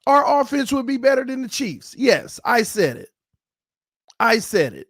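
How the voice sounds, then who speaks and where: A man hosting a football fan channel, talking excitedly and repeating himself, dropping low and then shouting. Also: measured pace, dry recording, studio quality. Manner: hyped, repetitive, swings from low muttering to shouting. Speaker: sports channel host.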